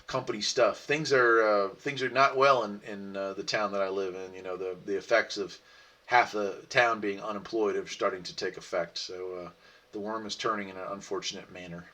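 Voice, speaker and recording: A man hosting a casual livestream, reading out viewer comments and answering them in a relaxed, rambling way with frequent laughs. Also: on the low side, normal speed, distant mic. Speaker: livestream host.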